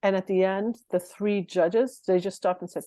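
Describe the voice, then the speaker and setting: Animated middle-aged woman coach, dry sound. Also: mid-range voice, normal speed, no echo. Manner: animated, laughs often between phrases. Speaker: performance coach, interview guest. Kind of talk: conversational interview storytelling.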